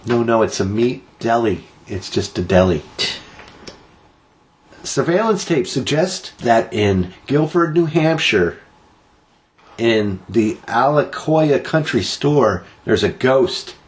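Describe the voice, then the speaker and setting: A man's voice: medium pitch, expressive, slow. A man co-hosting a casual podcast, joking his way through odd news stories with plenty of teasing. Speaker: podcast co-host.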